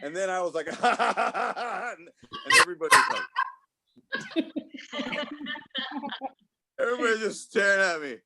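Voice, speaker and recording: A man's voice: high voice, expressive, slow pace, pauses often, heavy background noise. A man from Los Angeles doing a loose, rambling stand-up set over a video call, often laughing at his own jokes. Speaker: stand-up comedian. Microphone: home computer mic on a video call.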